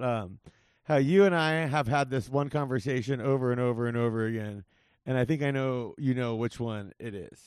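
A man's voice: medium pitch, clean tone, no echo, clean studio sound. A man hosting a casual podcast, talking loosely with plenty of fillers and laughs. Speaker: podcast host.

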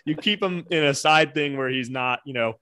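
A man's voice: mid-range voice, moderate pace, pushed and bright, clear, resonant tone, no room sound. A man with an ordinary mid-range voice chats casually as a podcast guest. He rambles and restarts his sentences, leaning on "you know" and "like" as he goes. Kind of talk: casual chat.

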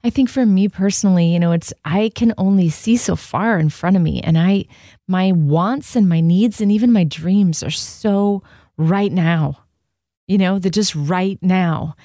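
Woman co-host, mellow tone, dry close sound, conversational. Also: fairly low pitch, unhurried, no echo. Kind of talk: reflective devotional chat.

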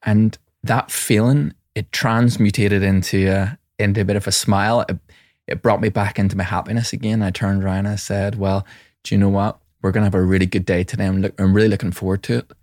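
Speaking fast in a fairly low voice with a flat delivery, this man, a mindfulness teacher and separated father, offers reflective, warm personal stories with many restarts during a conversational interview. The sound is clean studio audio with no echo.

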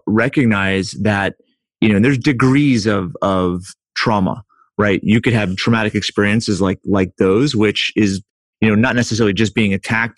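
A man hosting an interview, reflecting out loud and often restarting his sentences. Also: on the low side, dry recording. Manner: thinks aloud, repeats and restarts words. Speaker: podcast host.

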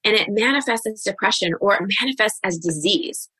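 A woman in her forties, a guest coach on a podcast interview, telling her own story in an open, reflective way with quick asides. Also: medium pitch, animated, pushed and bright, husky, no echo.

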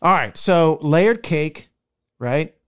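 A man's voice: a little high, animated, slow pace, a bit bright, clear, resonant tone. A man co-hosting a podcast, telling his restaurant picks in a casual, chatty way. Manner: chatty storytelling, restaurant reviews. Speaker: podcast host. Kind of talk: casual chat.

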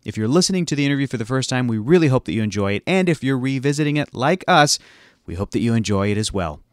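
A man's voice: medium pitch, expressive, fast talker, dry recording, clean studio sound. A man co-hosting a podcast, introducing and interviewing a guest with enthusiasm. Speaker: podcast co-host.

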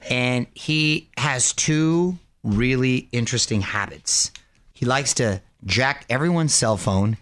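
A man's voice: medium pitch, slow. A man co-hosting a radio show, telling family stories in casual chat with frequent laughter. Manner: laughing, animated storytelling.

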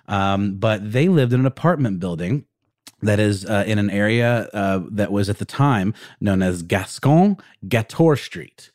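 A man's voice: lowish voice, animated, unhurried, a little mellow, no room sound, clean studio sound. A man co-hosting a podcast, telling a story in casual chat with lots of fillers and restarts. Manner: rambling, many fillers and restarts. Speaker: podcast co-host.

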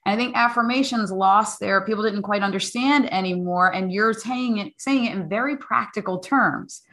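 Female host, bright forward voice, warmly enthusiastic interviewer energy. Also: mid-range voice, moderate pace. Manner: enthusiastic and affirming. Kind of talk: casual chat.

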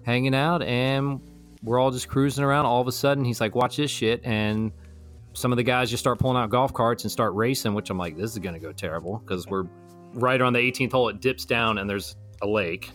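A young man casually telling a long story to friends, rambling and animated as he acts out what his friends said. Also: medium pitch, fairly quick, faint music behind. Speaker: storyteller in a truth-or-lie game. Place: Florida.

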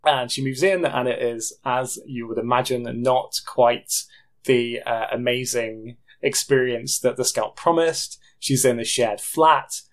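A man's voice: medium pitch, fairly even intonation, measured pace. Rambling man recapping a film. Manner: rambling, self-correcting, laughs at himself. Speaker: podcast co-host. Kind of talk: casual film review chat.

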